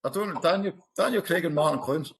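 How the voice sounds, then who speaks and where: A middle-aged Scottish man, a podcast guest, chatting casually and telling animated stories. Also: fairly high pitch, fast. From Scotland. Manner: storytelling, animated anecdotes. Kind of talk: casual chat.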